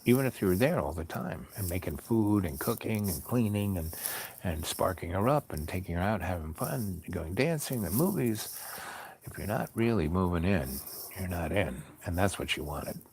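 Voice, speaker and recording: Low-voiced man telling a rambling story. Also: normal speed, vocal fry, slight background noise. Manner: rambling, many fillers, calm and wry. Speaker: podcast host. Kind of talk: personal storytelling monologue.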